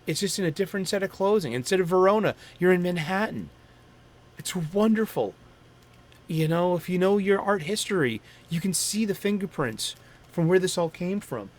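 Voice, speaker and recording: On a comics talk stream, a middle-aged Boston-area man chats in a rambling, enthusiastic manner with frequent self-corrections. His voice sits high and is expressive, moving at normal speed.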